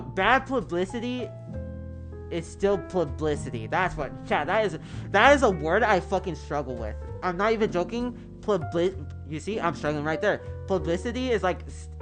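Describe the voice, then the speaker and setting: A man's voice: on the high side, sing-song, moderate pace. A man livestreaming and chatting casually with his viewers, rambling, swearing and stumbling over words. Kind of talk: casual chat with stream viewers. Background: background music.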